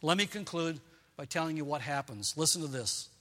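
A man preaching a sermon with a forceful, bright edge to his somewhat high voice. He talks earnestly and repeats key phrases for emphasis. His voice rings out with a long reverb, as in a big hall. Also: expressive, brisk. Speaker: pastor.

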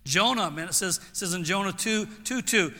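A man's voice: sits high, moderate pace, pushed and bright. A man preaching a sermon as pastor, earnest and stopping to restart his phrases. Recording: long hall reverb.

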